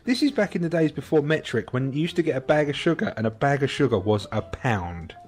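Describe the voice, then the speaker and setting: A man's voice: mid-range voice, animated, a little fast. An English man co-hosting a podcast, telling a rambling, sweary anecdote and acting out other people's voices. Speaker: podcast co-host. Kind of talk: casual storytelling chat.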